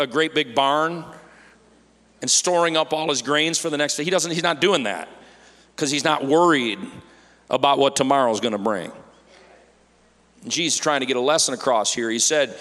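A man's voice: a little high, fairly bright tone. Guy preaching a sermon, playful, does silly worried voices, echoey church hall. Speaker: pastor. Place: church sanctuary. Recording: church hall with long reverb.

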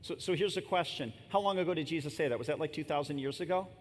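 A pastor in his fifties giving a sermon in a conversational, storytelling way, with casual asides to the congregation. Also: fast. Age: 50s. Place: church sanctuary. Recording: long reverb and faint rumble in a large hall.

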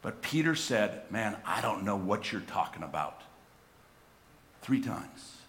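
A middle-aged man preaching a sermon, swinging from hushed reflection to loud, impassioned emphasis and often repeating words as he restarts phrases. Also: fairly low pitch, very animated, slow, a little hiss or hum. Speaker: pastor.

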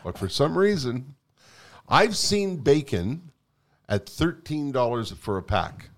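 Lively man asking questions. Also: mid-range voice, slow pace. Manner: asks questions, reacts with short remarks. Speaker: podcast co-host. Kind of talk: casual chat.

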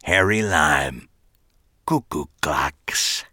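A man voicing a frail, eerie, theatrical old man in an audiobook, with a throaty, rasping growl and a slow, grandiose, sinister manner. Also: a bass voice, lively intonation, bright, forceful tone, no room sound, clean studio sound, voice pushed down, full character voice. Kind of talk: audiobook character voice.

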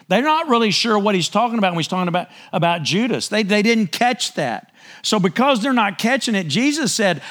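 A man giving a conversational Bible-teaching sermon, animated and storytelling, swinging his voice up and down as he acts out the scene. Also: high voice, brisk.

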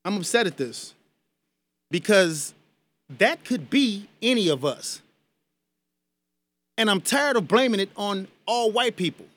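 Guy hosting talk radio, real high voice going up and down a lot, worked up and preachy at listeners. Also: animated, a little slow, pauses often, fairly bright tone, no echo. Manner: emphatic, heated, addresses listeners as y'all. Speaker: radio show host. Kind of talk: impassioned talk radio commentary. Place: radio studio.

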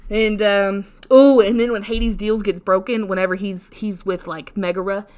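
A woman's voice: mid-range voice, steady tone, moderate pace, darkish tone. A young adult woman co-hosting a podcast, rambling casually with frequent laughs, restarts and casual swearing, in a self-deprecating way. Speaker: podcast co-host. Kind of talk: casual solo podcast rant.

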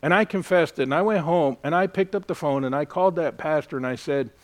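Male pastor, sermon, earnest, emphatic, fairly high-pitched voice. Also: fast talker. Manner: earnest, emphatic preaching with personal storytelling.

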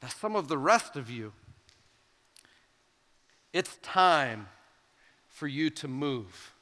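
A youth pastor preaching a sermon to students, animated and emphatic, acting out the voices in the stories he tells. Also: a little high, slow pace. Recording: long hall reverb with soft guitar.

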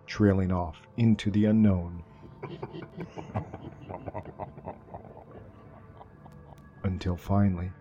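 A man narrating a dark fantasy story in a slow, measured way. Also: deep voice.

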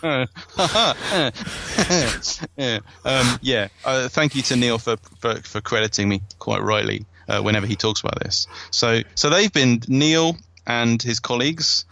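A man's voice: mid-range voice, measured pace, gravelly, pushed and bright, no room sound. A man hosting a podcast in casual chat, digressive and self-mocking, often laughing at himself. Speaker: podcast host and author.

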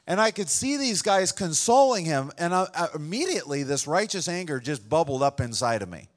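A man's voice: a little high, big pitch swings, a little fast. A male pastor preaching a sermon to a room full of people, telling a story in an earnest, conversational way. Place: room with a congregation.

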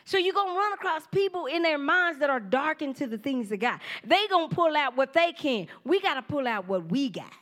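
A woman in her forties giving a casual testimony sermon, telling animated stories, acting out quoted voices, laughing often and speaking straight to the congregation. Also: sits high, a little fast, hardly any pauses. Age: 40s. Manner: informal church talk, addresses the congregation directly.

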